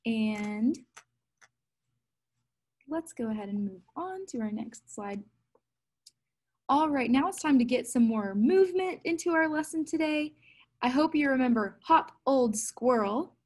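A woman, a kindergarten music teacher, gently and patiently talking small children through a recorded music lesson in simple words. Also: sits high, lively intonation, a little slow, pauses often, poor audio.

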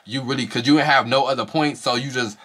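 A man delivers quick, profane commentary on a reality show in a bright, forceful voice. His imitations of the cast come out high-pitched, and throughout he sounds animated and talks in slang.

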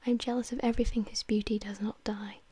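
A woman's voice: a little high, flat delivery, fast, warm tone, breathy edge, no room sound. A woman whispering the part of an anguished, vain young man in a whispered role-play reading.

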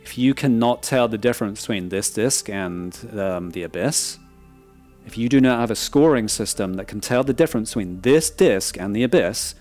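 A man's voice: mid-range voice, a little mellow. A man giving a frank, casual review of a film disc, often checking in with "right?" and restarting his words.

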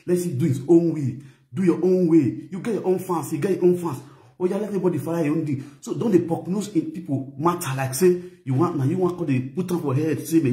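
A man's voice: fairly high pitch, dark tone, echoey room. A man from Benin, Nigeria, speaking Nigerian Pidgin with a Benin accent, lecturing in a preachy, repetitive way and often checking "you understand?". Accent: Nigerian Pidgin, Benin (Edo). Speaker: commentator vlogger. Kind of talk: lecturing commentary.

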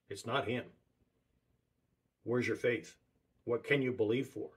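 A man preaching a sermon in a relaxed, conversational way, repeating words for emphasis. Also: medium pitch, a little slow, husky.

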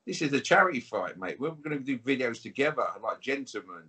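Taunting British man with a husky voice. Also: mid-range voice, sing-song, fairly quick, bright, forceful tone. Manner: taunting, repetitive, calls listener mate. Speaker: interview guest. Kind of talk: combative interview trash talk.

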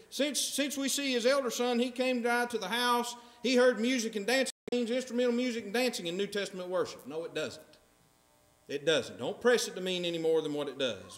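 A man with a high, fairly bright voice preaches emphatically in a church sanctuary, frequently asking the congregation questions. The recording carries the echo of the sanctuary.

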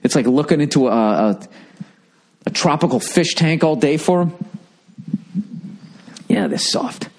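A man's voice: fairly high pitch, normal speed, a little mellow. A man, ranting casually and profanely as a podcast host at home. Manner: profane, exasperated, mocks others in put-on voices. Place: home room with birds chirping outside.

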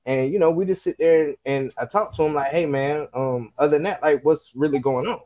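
A young man on a podcast, telling army stories in casual, profane, animated chat and acting out the people he quotes. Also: on the high side, brisk. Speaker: podcast co-host.

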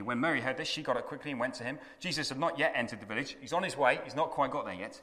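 A man's voice: mid-range voice, racing, sharp tone, big-room sound. A man preaching a sermon at a conference, telling the story dramatically and with animation. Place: conference hall.

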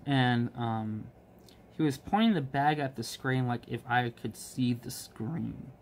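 A man chatting casually about his work as a restaurant manager, rambling with many ums and restarts and getting animated when he quotes people. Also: mid-range voice, slow, slight background noise. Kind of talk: casual storytelling while crafting.

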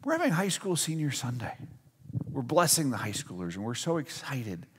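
A man's voice: medium pitch, sing-song, moderate pace, slight background noise. A pastor in his forties preaching a conversational, storytelling sermon in a church sanctuary. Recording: long church reverb.

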